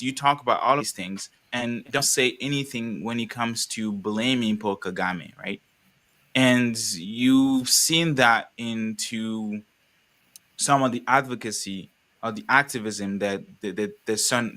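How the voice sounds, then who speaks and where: Bright-voiced man from the Congo. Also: mid-range voice, a little slow. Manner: animated, rambling, with frequent restarts. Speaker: panelist. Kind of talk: live online panel conversation.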